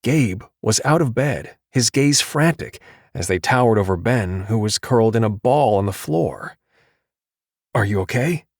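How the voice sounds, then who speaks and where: A man narrates an audiobook in a low voice, his delivery steady and measured. The studio recording is close and dry, with no echo at all.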